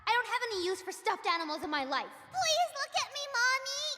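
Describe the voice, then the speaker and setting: An actress in an anime English dub voicing a proud, fiery teenage girl who pilots a mecha, shouting defiantly and pleading desperately. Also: very high voice, very animated, quick pace, loud music behind the voice. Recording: dub clip over loud score.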